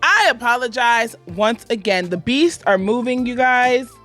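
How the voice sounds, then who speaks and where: Woman co-host, Southern accent, slow and slightly high, teasing, laid-back, faint music. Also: expressive, a bit bright. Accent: Southern American. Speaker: podcast co-host. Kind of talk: casual chat.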